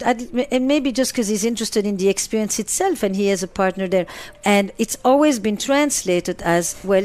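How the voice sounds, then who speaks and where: A woman's voice: mid-range voice, darkish tone. Emphatic middle-aged woman therapist. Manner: emphatic, lists ideas in repeated phrases. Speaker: psychotherapist. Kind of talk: interview answers.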